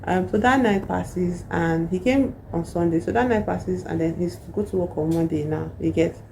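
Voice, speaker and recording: Gravelly-voiced woman recapping a book. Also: fairly low pitch, moderate pace, slight background noise, poor audio. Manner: rambling and animated, full of asides. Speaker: book reviewer. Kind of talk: casual plot retelling.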